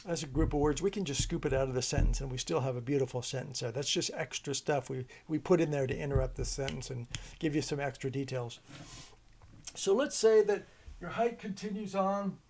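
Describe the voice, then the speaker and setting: A man's voice: a little high, brisk, a little mellow, a little hiss or hum. A man teaching a homeschool grammar lesson, explaining it as a loose, conversational story with many restarts.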